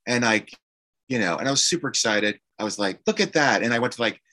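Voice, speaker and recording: A man, an actor, telling a candid personal story in conversation, halting and emotional with many fillers and restarts. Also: lowish voice, sharp tone. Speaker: actor guest.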